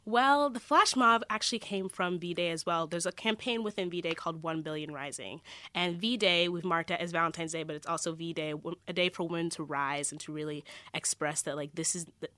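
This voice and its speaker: Earnest young woman, low voice. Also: fairly quick, pushed and bright, no room sound. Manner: earnest and passionate, talks in long flowing runs. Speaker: student organizer, interview guest. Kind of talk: radio interview. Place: radio studio.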